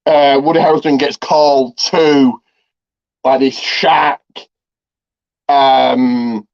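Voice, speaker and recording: Speaking slowly in a medium-pitched, darkish voice with little pitch movement, a man rambles through a film's plot for a review. He leans heavily on fillers and restarts, and the lo-fi recording is slightly dull.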